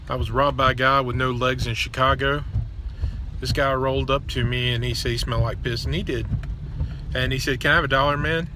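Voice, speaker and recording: A man's voice: medium pitch, little pitch movement, a little fast, background noise. A man vlogging, telling personal stories in a blunt, crude, joking and then earnest way, outdoors near a road. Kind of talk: casual personal storytelling.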